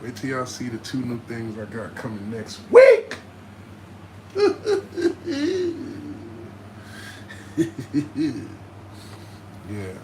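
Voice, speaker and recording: A man's voice: medium pitch, huge pitch swings, normal speed, hardly any pauses, background noise. Joking man hosting a roomy livestream. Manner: joking, hyping the chat. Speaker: livestream host. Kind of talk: casual livestream chat. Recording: roomy room with faint ambience.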